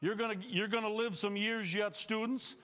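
A man's voice: high voice, steady tone, moderate pace, fairly bright tone, in a large hall. A male pastor preaching a sermon to students, earnest and emphatic, building phrases up as he speaks.

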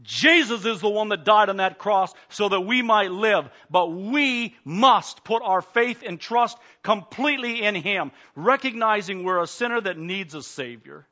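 A man preaching a sermon as pastor, fervent, swinging between loud urging and quiet pleading. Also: high-pitched, measured pace, few pauses, highs cut off. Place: church.

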